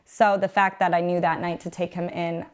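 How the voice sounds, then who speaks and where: A woman's voice: lowish voice, flat delivery, normal speed. Earnest woman, 30s, emotional testimony-style storytelling in an interview. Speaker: guest, mother.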